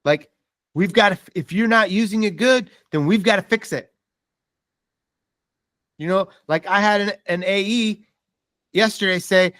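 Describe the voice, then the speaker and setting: A man's voice: high voice, normal speed, long pauses, dry recording, studio quality. A man giving a motivational seminar talk as a mortgage sales trainer, telling stories and acting out quoted dialogue. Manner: animated storytelling with quoted dialogue.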